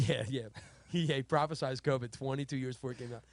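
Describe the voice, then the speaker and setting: A man co-hosting a casual podcast, telling animated stories, acting out quotes and laughing often. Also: medium pitch, fairly quick, no room sound. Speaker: podcast co-host. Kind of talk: casual chat.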